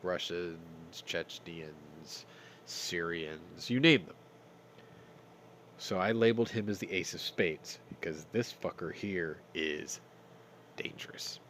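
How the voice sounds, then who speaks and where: A stuffy-nosed man, congested from his sinuses, hosts a casual news roundup in a low, fairly even, slightly bright voice, speaking slowly. He reads stories and follows them with sarcastic jokes and swearing, against slight background noise.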